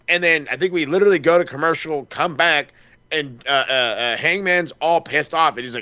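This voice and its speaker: A man co-hosting a wrestling podcast in a loose, profane, rambling way, acting out little quoted exchanges as he goes. His voice is bright and a bit high. The recording is dry and slightly dull. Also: normal speed, no room sound. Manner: rambling, profane, animated storytelling with quoted asides. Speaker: podcast co-host. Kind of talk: casual wrestling chat.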